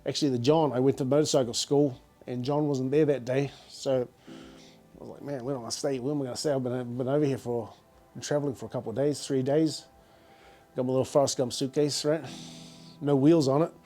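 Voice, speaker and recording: A man's voice: medium pitch, steady tone, brisk, mellow, faint music behind. A middle-aged man with a New Zealand accent, a business founder telling stories in a casual, slangy interview, repeating words as he goes.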